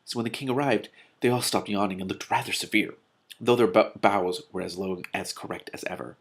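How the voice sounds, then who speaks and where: A man reading a children's novel aloud, breaking off for excited, gushing asides. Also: on the low side, a little fast, slightly rough. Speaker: reader.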